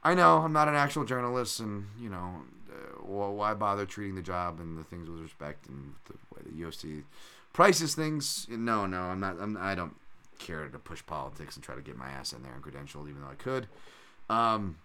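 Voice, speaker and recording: Animated rambling man, bright and low. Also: normal speed. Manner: rambling, animated, lots of fillers and loud impressions. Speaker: podcast host, MMA analyst. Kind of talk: casual solo podcast talk.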